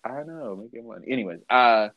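A man's voice: mid-range voice, animated, a little fast, vocal fry, dry recording, highs cut off. A man in his early thirties co-hosting a podcast, chatting casually and rambling with many restarts and self-corrections. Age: early 30s. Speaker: podcast co-host. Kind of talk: casual chat.

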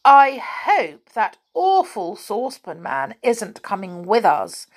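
A woman voicing a proud, rude little girl who speaks loudly and haughtily. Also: medium pitch, sing-song, slow pace, full character voice. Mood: rude, angry. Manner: loud and haughty.

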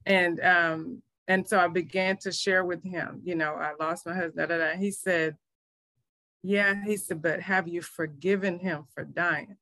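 A woman's voice: lowish voice, fairly even intonation, unhurried, pushed and bright, no echo. A middle-aged woman pastor, telling her faith story in an earnest, emotional way. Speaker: pastor and minister. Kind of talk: testimony in a faith interview.

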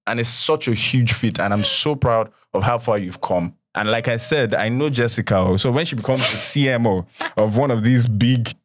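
A man's voice: medium pitch, normal speed, hardly any pauses. A young man, a podcast guest chatting casually and praising his friend with many restarts. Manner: warm, effusive praise with frequent restarts. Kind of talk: casual chat.

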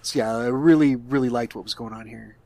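A man's voice: mid-range voice, a little fast, creaky, dark tone, dry recording. A man talking casually about a movie he reviews with friends, hesitant and repeating words as he thinks. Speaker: podcast co-host.

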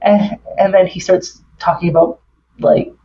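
A woman's voice: lowish voice, steady tone, unhurried, a little hiss or hum. Canadian woman retelling a film scene. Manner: retells scenes step by step, many "like" and "um" fillers. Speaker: podcast guest. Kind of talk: casual film chat. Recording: slightly dull lo-fi audio.

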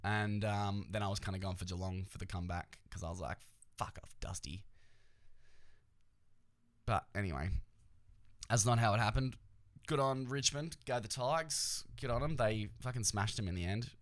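Australian man, lowish voice, casual podcast host, rambling, profane, jokey asides. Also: a little fast. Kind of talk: casual solo podcast chat.

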